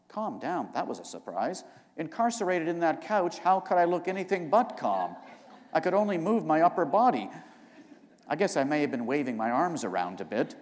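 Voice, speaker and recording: A male author reads his novel aloud in a dry, deadpan narrating voice that is high-pitched and very animated. A long hall reverb from the live event hangs around every line. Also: moderate pace. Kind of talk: live book reading. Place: public library event hall.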